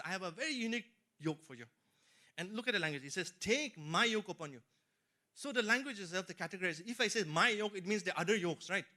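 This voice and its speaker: Bright high-voiced man preaching a sermon. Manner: earnest testimony, rising emphasis and repeated asides to listeners.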